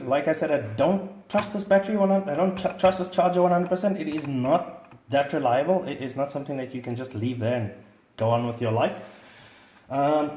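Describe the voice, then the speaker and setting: A man's voice: a little high, darkish tone. Earnest man in an echoey room. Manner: earnest, repeats words when stressing warnings. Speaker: hobby channel host reviewing a drone charger. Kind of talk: casual product review vlog.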